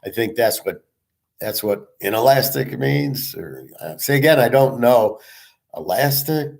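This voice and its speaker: A man's voice: mid-range voice, sing-song, a little slow, vocal fry, a little mellow. Blunt profane man ranting. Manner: profane, blunt, repeats himself. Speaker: sports betting show host. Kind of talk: ranting monologue.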